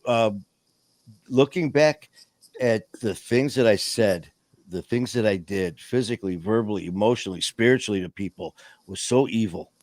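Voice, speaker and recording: A man's voice: fairly low pitch, moderate pace, a little mellow, no room sound. A man hosting a streamed recovery talk show, telling his story in an earnest, candid way over a remote call. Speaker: podcast host. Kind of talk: casual chat.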